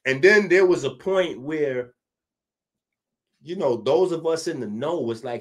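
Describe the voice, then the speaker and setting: A man from the Bronx hosts a podcast in a casual commentary monologue, speaking. His voice sits slightly high for a man. He talks in an animated way, rising loud and dropping to a hush, with frequent asides. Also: measured pace, pauses often. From the Bronx, New York. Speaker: podcast host.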